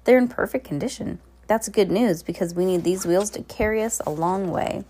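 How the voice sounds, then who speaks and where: A woman voicing a resourceful teenage girl inventor, earnest and practical, with a gravelly edge. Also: mid-range voice, moderate pace, mellow, lightly acted. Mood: hopeful. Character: resourceful eldest sister, teen girl inventor.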